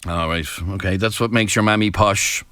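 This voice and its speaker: An Irish man hosting a phone-in radio talk show, jokey and animated as he reads out listener messages. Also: lowish voice, moderate pace, clear, resonant tone, dry recording, clean studio sound. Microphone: studio microphone.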